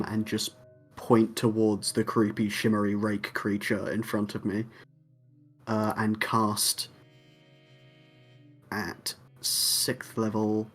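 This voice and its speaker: A man's voice: lowish voice, fairly bright tone. A man playing a tabletop game, talking casually and taking his time over his moves. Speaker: player.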